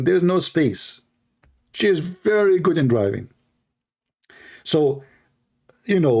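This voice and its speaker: A commentator chats casually to the camera, animated and lively, acting out little dialogues in higher voices.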